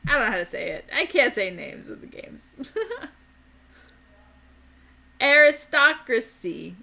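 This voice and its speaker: Giggly bright-voiced woman streamer. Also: mid-range voice, lively intonation, fast, gravelly. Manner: giggly, chatty, stumbles over names. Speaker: livestream host. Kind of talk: casual chat with live viewers.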